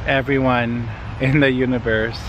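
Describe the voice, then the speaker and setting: A man's voice: mid-range voice, little pitch movement, highs cut off, noisy background. A man talking to his camera in a casual vlog, reflective and open about his feelings. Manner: slow, emotional, reflective then chatty. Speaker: vlogger.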